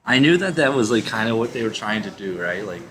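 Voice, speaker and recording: A man's voice: fairly low pitch, lively intonation, a little fast, fairly bright tone, poor audio. A man reacting to videos in a rambling, incredulous way, swearing often and trailing off into laughs. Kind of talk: rambling casual reaction commentary.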